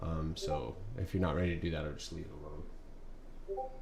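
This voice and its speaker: A man's voice: very deep voice, steady tone, a little fast, creaky, darkish tone. A man casually talking through stock trades as a streamer, loose and full of fillers. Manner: loose and filler-heavy, restarts often. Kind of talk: casual trading talk. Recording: echoey room, faint background noise.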